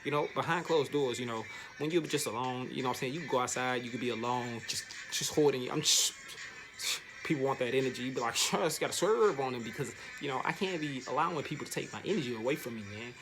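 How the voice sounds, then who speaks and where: A man vlogging a casual motivational monologue, slangy and repetitive, sometimes jumping up into a higher, animated voice. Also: quick pace, over music.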